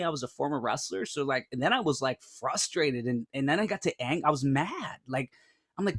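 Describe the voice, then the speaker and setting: A man in his thirties telling a group an earnest personal story, animated and full of restarts and "like". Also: fairly high pitch, a little fast, no room sound, clean studio sound. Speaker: speaker.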